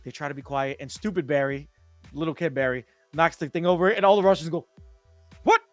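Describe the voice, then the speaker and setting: A man casually discussing a movie at home, excitedly retelling scenes and acting out the characters. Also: a little high, brisk, no room sound, soft background music. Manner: excitable, acts out scenes with voices and hums. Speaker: podcast host.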